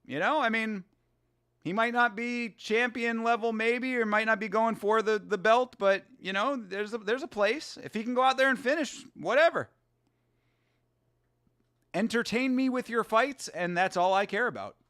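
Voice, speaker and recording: A man in his thirties hosting a casual watch-along, excitable, slangy and laughing often. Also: sits high, normal speed, smooth. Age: 30s. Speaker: host.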